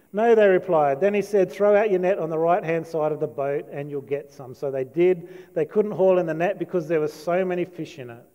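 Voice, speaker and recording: Enthusiastic high-voiced male preacher in a hall. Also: dark tone, dull audio. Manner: enthusiastic, storytelling with asides and quoted lines. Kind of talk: sermon. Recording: long hall reverb.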